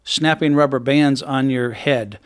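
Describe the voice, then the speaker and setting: A man's voice: mid-range voice, unhurried, smooth. A man hosting a radio talk show, speaking in an emphatic, indignant conversational way.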